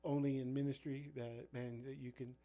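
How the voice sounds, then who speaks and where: A man chats casually as a youth pastor, telling van stories from ministry trips. His delivery rambles, packed with fillers and false starts, in a mid-pitched everyday voice. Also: level tone, moderate pace, warm tone. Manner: rambling, full of fillers and restarts. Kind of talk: casual storytelling chat.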